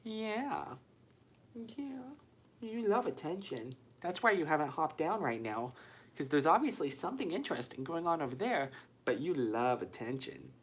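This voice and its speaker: A man's voice: fairly high pitch, sing-song, brisk, a bit bright, slightly rough. Guy chatting on a phone live stream, jokey and self-deprecating, small bare room. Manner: reads viewer comments aloud. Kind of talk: casual live-stream chat. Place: small room with white walls.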